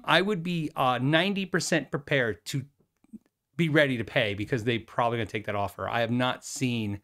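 Middle-aged male host, casual rambling monologue, laughs a lot, medium pitch. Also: a bit bright. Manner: rambling, chatty, laughs often, many fillers and restarts. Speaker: YouTube host, former music store owner. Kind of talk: casual chat to camera.

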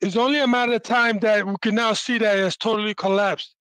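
A man's voice: sits high, steady tone, brisk, a bit bright, clean tone, no echo, low-quality recording. A man calling in to a talk show, indignant and emphatic about politics. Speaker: caller.

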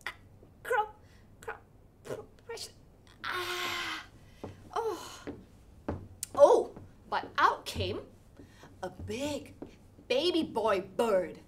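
A woman leading an interactive children's storytelling session, animated and sing-song, with playful sound effects. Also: high voice, extremely slow, long pauses, a little hiss or hum. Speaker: storytelling workshop leader.

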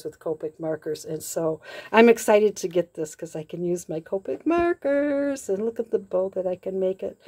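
A woman crafting vlogger chatting casually as she opens happy mail, gushing with soft excited exclamations. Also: mid-range voice. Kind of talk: casual unboxing chat.

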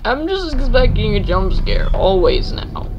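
A man's voice: high-pitched, big pitch swings, measured pace, muffled recording, noisy background. A man giving jumpy, nervous commentary while playing a horror game, yelping at scares and chattering to himself. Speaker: let's play gamer.

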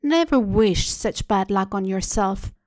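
A woman's voice: mid-range voice, expressive, measured pace, a little mellow, no echo, clean studio sound, lightly acted. A woman voicing a cautious, earnest schoolgirl friend. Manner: earnest, warning. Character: cautious, caring teenage girl friend.

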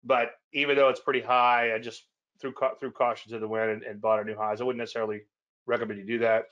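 A man's voice: mid-range voice, level tone, fast talker, fairly bright tone, dull audio. A man hosting a weekly trading show, chatting casually and rambling through charts with self-deprecating asides. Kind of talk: casual webinar chat.

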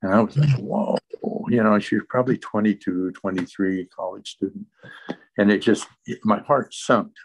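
A man's voice: fairly low pitch, fairly even intonation, normal speed, poor audio. A man sharing his recovery testimony as an interview guest, telling the story earnestly and in close detail.

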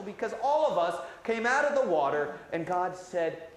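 A man, a priest, giving a gentle, conversational children's sermon with many "uh" fillers in a church sanctuary. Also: sits high, big pitch swings, moderate pace, few pauses. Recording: very echoey church hall, faint hiss.

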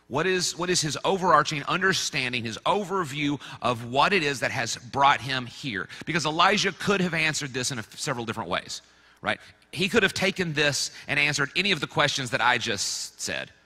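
A male pastor delivers a sermon in an easy, conversational way, sliding in playful asides. His voice is strikingly bright, and it rings out with a long reverb, as if filling a large church. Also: mid-range voice. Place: church sanctuary.

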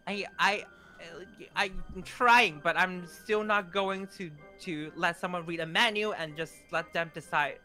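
A man's voice: sits high, fairly even intonation, unhurried, sharp tone, soft background music. A man roleplaying in a Minecraft series who talks in a flustered, stammering way and keeps repeating words. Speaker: roleplay player.

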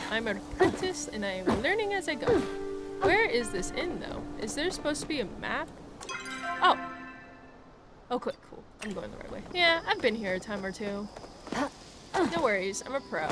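A woman giving bubbly, excitable let's play commentary, full of gasps and exclamations. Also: medium pitch, moderate pace. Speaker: gaming video creator. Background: game music.

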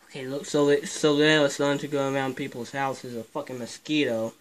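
A man filming a casual vlog in a hot garage, swearing often and talking in a hushed, jittery way. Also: mid-range voice, fairly even intonation, fairly quick, crowd noise. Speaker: vlogger. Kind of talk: casual self-filmed vlog.

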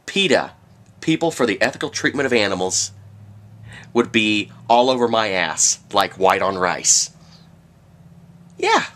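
Man, vlogger, sarcastic rambling rant, lowish voice, animated pitch. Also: measured pace, pauses often. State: has the hiccups. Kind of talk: ranting monologue.

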